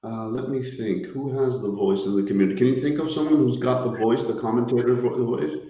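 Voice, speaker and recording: A man's voice: mid-range voice, fast talker. Canadian man, very echoey video call. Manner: relaxed, chatty, repeats words when starting. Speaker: expat guest. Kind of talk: casual chat.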